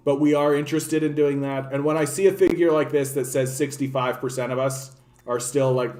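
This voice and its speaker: A man's voice: medium pitch, fairly even intonation, fairly quick, warm tone. A man giving casual, rambling political commentary on a livestream, swearing freely and filling his talk with "like" and restarts. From Canada. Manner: rambling, profane, many "like" fillers and restarts. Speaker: political streamer.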